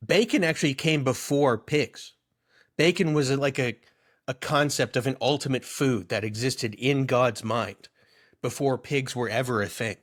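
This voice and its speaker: Speaking at normal speed in a mid-range voice, this man in his thirties co-hosts a podcast and chats casually. He's a rambling storyteller, animated and clearly amused.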